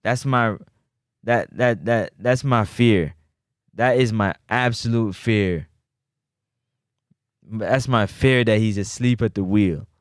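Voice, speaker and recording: A man with a fairly low voice takes his time and pauses often while hosting a laid-back sports talk livestream. He stays animated, bantering with chat, and the clean studio sound has no room echo.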